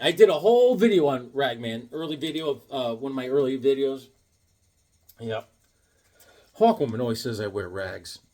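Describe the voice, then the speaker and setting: A man chatting casually on his vlog as he shows off new comics, rambling and excitable, throwing in corny jokes. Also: medium pitch. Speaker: comic book collector showing new comics.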